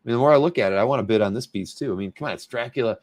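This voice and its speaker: A man's voice: mid-range voice, very fast, no echo. A man hosting a casual livestream, rambling and correcting himself as he talks, laughing often, saying he is losing his voice. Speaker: show host.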